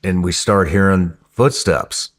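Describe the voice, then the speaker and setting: A man telling a story in a podcast interview in a casual, profane, excitable way, often restarting his sentences. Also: low voice, a little slow.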